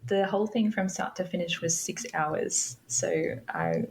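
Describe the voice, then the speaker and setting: Young woman, podcast guest, lowish voice with vocal fry, reflective storyteller. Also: huge pitch swings, unhurried, slight background noise, rough recording. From Australia. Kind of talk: personal storytelling interview.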